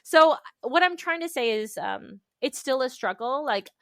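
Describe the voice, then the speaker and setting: A woman guest talking candidly about motherhood, telling animated stories, acting out her own inner voice and laughing often. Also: high-pitched, measured pace, gravelly, dry recording. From United States. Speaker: guest author. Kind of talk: candid conversational interview.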